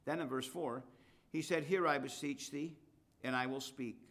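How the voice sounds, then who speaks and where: A man preaching a sermon, reading scripture aloud and rising in pitch and force at the high points. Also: steady tone, moderate pace, a bit bright.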